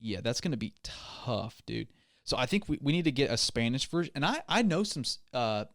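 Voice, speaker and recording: A man talking through a comedic podcast monologue at a middling pitch. He wanders off on tangents, corrects himself mid-sentence and pokes fun at his own mistakes, with a goofy, offhand delivery. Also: big pitch swings, a little fast, fairly bright tone, no room sound, studio quality. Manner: goofy, self-deprecating, digressive, with lots of restarts. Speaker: podcast host.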